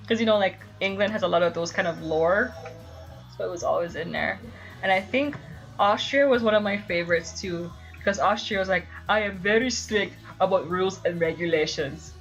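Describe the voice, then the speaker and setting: A young woman chatting on her live stream, animated and blunt, swearing freely as she rants. Her voice sits at an ordinary middle pitch, and faint music plays behind her. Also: normal speed, pauses often, highs cut off. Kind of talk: casual live-stream chat.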